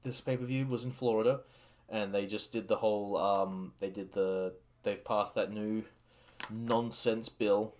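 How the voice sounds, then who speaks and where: A man hosting a casual wrestling recap, excitable and rambling with many fillers and restarts. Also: fairly low pitch, measured pace. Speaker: podcast host reviewing a wrestling show.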